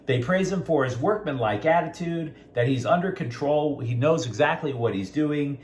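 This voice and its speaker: Male sports host, mid-pitched, very animated delivery, blunt and opinionated, speaks straight to viewers. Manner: outspoken, talks straight to viewers.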